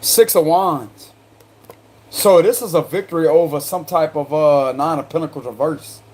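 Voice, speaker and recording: A man with a South Carolina accent works through a tarot spread in loose, slangy talk. His voice sits fairly high for a man, and he breaks into laughter between cards. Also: normal speed, a little mellow. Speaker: tarot reader. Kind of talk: casual spoken tarot reading.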